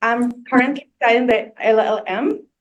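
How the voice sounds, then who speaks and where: A woman's voice: a little high, normal speed, highs cut off. Emotional young woman thanking a speaker. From Venezuela. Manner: emotional, laughing nervously. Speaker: audience member, law student.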